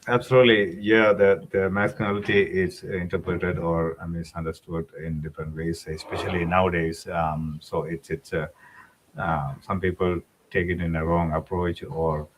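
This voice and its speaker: Male host, very deep voice, measured questions, light hiss on the line. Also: level tone, rough recording. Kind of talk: interview questions.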